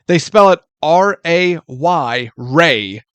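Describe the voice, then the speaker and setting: A man's voice: a little high, animated, takes it slowly, clear, resonant tone, no echo. A man co-hosting a movie podcast in casual chat, opinionated and easily exasperated as he steers the topics. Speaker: podcast co-host.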